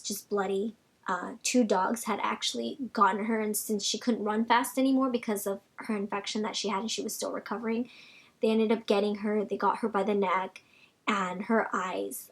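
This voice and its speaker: A young woman chatting casually in a Q&A vlog, rambling with lots of fillers and sometimes dropping to a soft near-whisper. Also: mid-range voice. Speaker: vlogger answering viewer questions.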